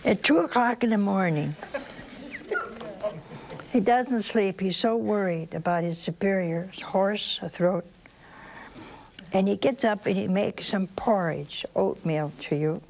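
A woman tells a story at an unhurried, deliberate pace, her voice strained by a sore throat. Her delivery is plain and gentle, with a dry streak of humor. The recording carries a clear layer of background noise. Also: medium pitch. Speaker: speaker telling a religious story. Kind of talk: storytelling talk to an audience.

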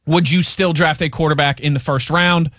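A man hosts a sports radio show, his voice sitting a little high for a man as he banters quickly and jokes between listener questions. The sound is dry and close, with no room around it. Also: fairly even intonation, fairly bright tone, no echo. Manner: joking, quick banter, reads listener tweets. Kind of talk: casual sports talk.

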